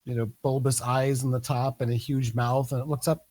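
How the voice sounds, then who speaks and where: A man narrating a tabletop game as game master, relaxed and hesitant with many fillers. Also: medium pitch, normal speed, hardly any pauses.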